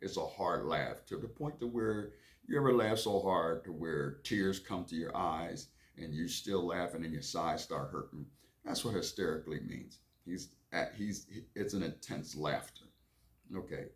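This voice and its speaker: A man's voice: sits low, normal speed. A man who hosts a reading lesson, reading aloud and stopping casually to define words, often repeating himself. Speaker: reading teacher and host. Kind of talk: reading aloud and explaining vocabulary.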